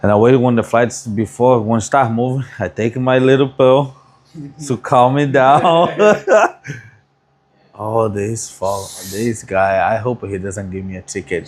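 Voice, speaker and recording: A man's voice: medium pitch, unhurried, a little hiss or hum. A man with a foreign accent, working as a barber and chatting casually in loose, broken phrasing. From abroad, not born in the US. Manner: loose, broken phrasing, calls others bro. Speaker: barber, streamer. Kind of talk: casual chat.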